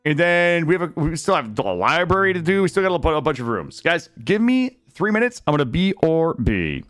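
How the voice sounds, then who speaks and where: A man's voice: on the high side, sing-song, fairly quick. A man streaming a game, chatting casually and directly to his viewers. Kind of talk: casual live-stream chat. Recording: loud music behind the voice.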